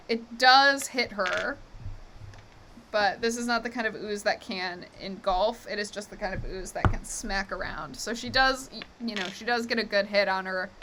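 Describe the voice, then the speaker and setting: A woman's voice: mid-range voice, fairly bright tone, a little hiss or hum. A woman running a live tabletop game as game master, narrating in an easygoing way with frequent laughs and fillers.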